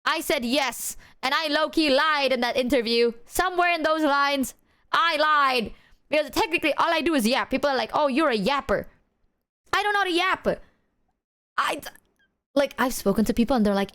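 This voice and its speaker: A woman's voice: high-pitched, normal speed, fairly bright tone. A young woman streaming as a VTuber, chatting casually with viewers in a rambling, slangy, self-mocking way and laughing often.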